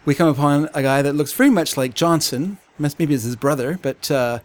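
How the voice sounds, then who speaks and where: A man's voice: a little high, fairly quick. Rambling man recapping a comic. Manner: rambling, laughs often, acts out quotes. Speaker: podcast co-host. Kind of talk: casual comic book discussion.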